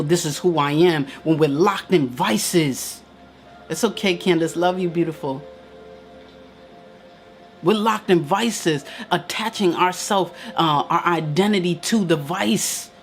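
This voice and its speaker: Emphatic preaching woman, live stream. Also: sits low. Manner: emphatic and preacherly, repeats key lines. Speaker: spiritual teacher hosting a live stream. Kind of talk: live-stream motivational talk reading viewer comments.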